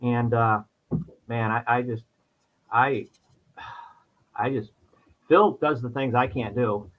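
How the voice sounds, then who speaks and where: A man's voice: medium pitch, steady tone, takes it slowly. Talkative New man, dull lo-fi audio. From New York. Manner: talkative, rambling, restarts a lot. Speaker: insurance agent, podcast guest. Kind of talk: casual interview chat. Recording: dull lo-fi sound.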